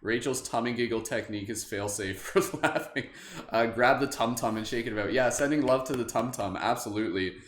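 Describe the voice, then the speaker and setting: Brisk and a bit bright, this mid-range male voice belongs to a meditation livestream host. Between breathing guidance he talks loosely with his audience, chuckling often and leaning on fillers, all through a webcam rig with roomy echo and faint ambience.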